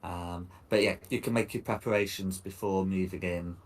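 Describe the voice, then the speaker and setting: Low-voiced hesitant game master. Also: male voice, fairly even intonation, normal speed. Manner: hesitant, many fillers. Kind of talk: narrating a tabletop game.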